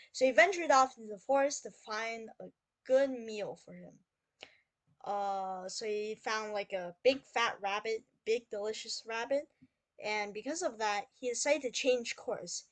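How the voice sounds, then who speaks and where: Female storyteller-teacher, unhurried, close and dry, patient read-aloud. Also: medium pitch, no echo. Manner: slow, clear, explains then reads aloud. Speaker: English teacher reading a story.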